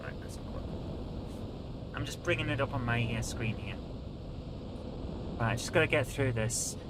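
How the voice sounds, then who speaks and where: A man's voice: mid-range voice, normal speed, very noisy. A British man hosting a live stream, chatting casually and grumbling while he fiddles with his audio settings.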